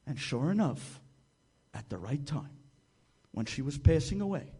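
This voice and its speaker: Man, rabbi, storytelling, high-pitched, dramatic pacing. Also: expressive, measured pace, pauses often, dark tone, slightly rough. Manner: dramatic, varied delivery.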